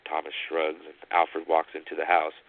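A man hosting a show, narrating a spooky story with slow, dramatic pauses. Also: extremely low pitch, completely flat delivery, vocal fry. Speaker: storyteller host. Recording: tinny phone-like line.

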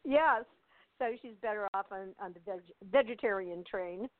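A woman's voice: medium pitch, normal speed, no room sound. Older woman chatting over a phone line. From United States. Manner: chatty, laughs often, many fillers and restarts. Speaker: actress, interview guest. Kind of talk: casual interview chat. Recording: tinny dry phone line.

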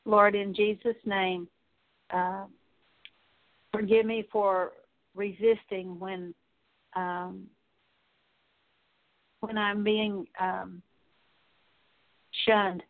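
A woman Bible teacher leading a slow, halting spoken prayer with many pauses and fillers. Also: medium pitch, flat delivery. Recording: tinny phone-like audio.

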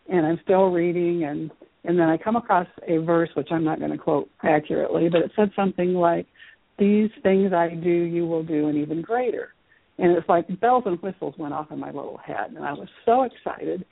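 Middle-aged woman guest, gravelly, dry, heard over a phone line, animated storyteller. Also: fairly low pitch, normal speed, no room sound. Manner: animated, acts out childhood dialogue. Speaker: guest, Reiki teacher. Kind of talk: storytelling in an interview. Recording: phone-line call-in audio.

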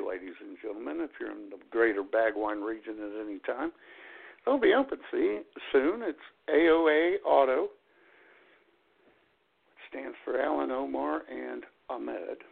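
Gravelly husky male radio host. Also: medium pitch. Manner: rambling, crude, joking. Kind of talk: casual storytelling chat. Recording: tinny phone-like audio.

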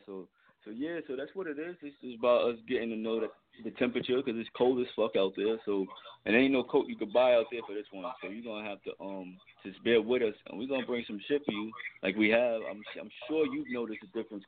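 A man's voice: lowish voice, a little hiss or hum. A man calling in to a casual radio show, talking in a rambling, reflective way with hesitations. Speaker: guest caller. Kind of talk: casual talk radio chat. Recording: tinny phone line.

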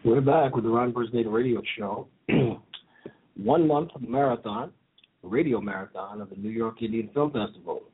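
A man's voice: mid-range voice, moderate pace, breathy edge. A man hosting a radio show in casual chat, loose and teasing, with lots of fillers. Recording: tinny phone-line audio.

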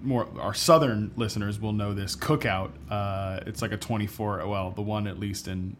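A man's voice: on the low side, fairly even intonation, moderate pace, slight background noise. A man co-hosting a podcast in casual chat, telling loose, rambling stories full of fillers. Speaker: podcast co-host.

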